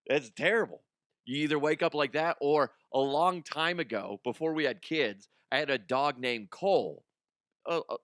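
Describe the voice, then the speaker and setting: A man's voice: medium pitch, fairly bright tone, no room sound. A middle-aged man hosting a comedic news podcast from a studio, telling a rambling personal story and laughing at his own jokes. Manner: rambling, self-amused storytelling with frequent laughs. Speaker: podcast host.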